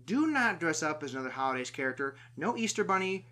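A man casually recapping a movie on a podcast, animated and acting out the characters' lines. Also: a little high, fast talker, slight background noise. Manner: animated storyteller, acts out quotes. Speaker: podcast host.

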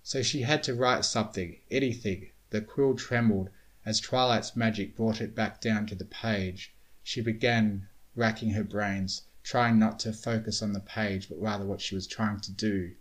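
Low-voiced man reading a story. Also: fairly even intonation, normal speed. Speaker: reader. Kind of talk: storybook narration of fan fiction.

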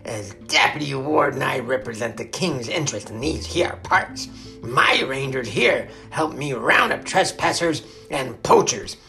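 A man's voice: mid-range voice, expressive, measured pace, gravelly, soft background music, exaggerated voice. A man voicing a blustering, bullying male deputy warden who mocks and threatens his captives. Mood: sneering. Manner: mocking, threatening, loud.

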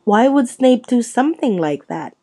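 A woman reading aloud and voicing a big, gruff gamekeeper who argues hotly and stays loyal to his friends. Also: a little high, big pitch swings, normal speed, warm tone.

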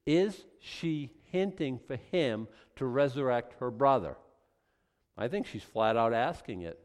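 A man preaching a sermon, acting out conversations in an animated, building delivery. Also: mid-range voice, unhurried. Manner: animated, acts out dialogue with rising intensity.

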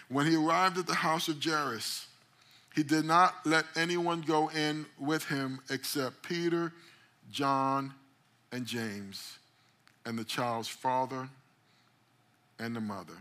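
A man's voice: mid-range voice, slow pace. A man preaching a sermon as pastor, retelling a story dramatically and calling out to the congregation. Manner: dramatic storytelling, acting out quoted lines with sudden loud rises; call-and-response phrases to the congregation. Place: church service.

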